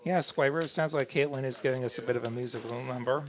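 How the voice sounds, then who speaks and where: A man narrates each poker hand as it happens in a loose, conversational way. His voice sits at an ordinary middle pitch, and he now and then stops to correct himself. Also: quick pace, crowd noise. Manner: relaxed, chatty, corrects himself on air. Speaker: poker commentator. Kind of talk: live play-by-play commentary.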